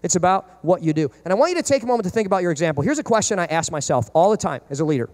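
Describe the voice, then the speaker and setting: A man's voice: high voice, expressive, very fast, a little mellow. A man in his thirties preaching a sermon as pastor, emphatic and full of rhetorical questions.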